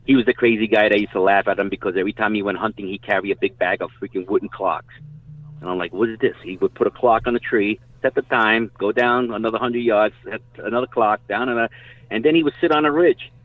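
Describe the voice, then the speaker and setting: Low-voiced man on a tinny line. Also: fast, no echo. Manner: rambling, swears casually. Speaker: guest telling hunting stories. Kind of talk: casual storytelling chat. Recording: dry tinny phone-like line.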